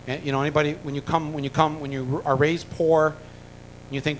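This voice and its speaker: A man's voice: a little high, flat delivery, brisk, slight background noise, low-quality recording. A man from the United States tells a long, rambling story with many fillers and restarts, dropping in wry jokes. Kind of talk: rambling anecdote told to an audience.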